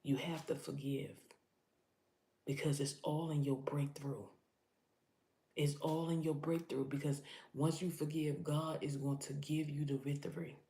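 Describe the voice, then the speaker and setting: A woman's voice: low voice, level tone, unhurried, warm tone, roomy sound. A woman giving an impassioned preaching vlog, talking urgently to her listeners and repeating herself for emphasis. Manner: urgent, repetitive, addresses listeners directly. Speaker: motivational preacher.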